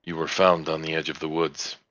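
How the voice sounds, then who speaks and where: A man voicing a grieving older village priest in a tabletop game, speaking in a solemn, measured way. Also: very deep voice, little pitch movement, a bit bright, no room sound, dull audio.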